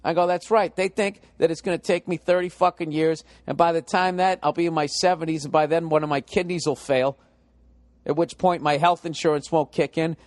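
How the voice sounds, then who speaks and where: A middle-aged stand-up comedian with a Boston accent rants in a profane, exasperated way. His voice sits a little high for a man. The sound is close and dry, with almost no room around it. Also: fairly even intonation, brisk, no room sound.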